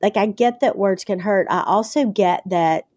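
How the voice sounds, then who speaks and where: A woman's voice: mid-range voice, normal speed, darkish tone, breathy edge, dry recording, studio quality. A woman from the American South, an author being interviewed, talking casually with blunt, salty humor and lots of fillers. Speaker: author guest.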